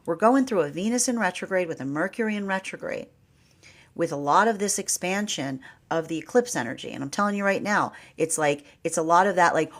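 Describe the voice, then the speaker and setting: A woman's voice: medium pitch, animated, fast. A woman reading tarot cards and talking through the energy in a chatty way, full of "like" and "right?", with frequent laughs. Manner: chatty, repeats herself, laughs often, says "right?" and "like". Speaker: tarot reader. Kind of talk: casual spiritual talk.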